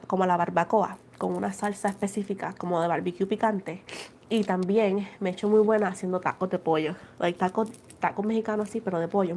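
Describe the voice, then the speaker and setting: A chatty woman talks straight to her livestream audience, calling them "guys" and "girl". Her voice sits at an ordinary middle pitch. She tells little stories with animated energy and goes back over each point a second time. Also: a little hiss or hum. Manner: addresses viewers as "guys" and "girl". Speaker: tarot reader livestreaming. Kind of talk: casual livestream chat.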